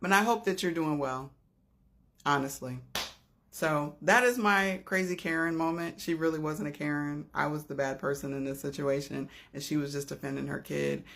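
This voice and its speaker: A woman with a low, gravelly voice tells a personal story in an earnest, heartfelt way. She swings between raised, intense moments and soft, hushed ones, with a grainy fry running through her speech. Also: fairly even intonation, moderate pace, a little hiss or hum. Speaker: storyteller recounting an encounter.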